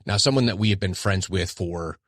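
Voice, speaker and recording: A man's voice: low voice, fairly quick, fairly bright tone, dry recording, studio quality. A middle-aged man hosting his own podcast, talking candidly and self-deprecatingly in a rambling casual monologue. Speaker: podcast host.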